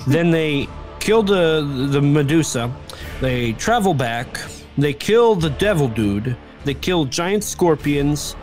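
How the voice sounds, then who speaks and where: A man's voice: on the high side, takes it slowly. A young man in casual comedic chat, animatedly retelling a movie plot as a podcast co-host. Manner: animated storytelling, squawking bird impressions, laughing. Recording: music playing behind.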